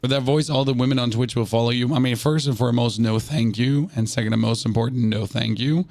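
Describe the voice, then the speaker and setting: A man with a hoarse, sick voice doing live gameplay commentary as a streamer, rambling, joking and chatting to viewers with stammered restarts. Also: medium pitch, steady tone, fast, a little mellow, no room sound. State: hoarse from illness.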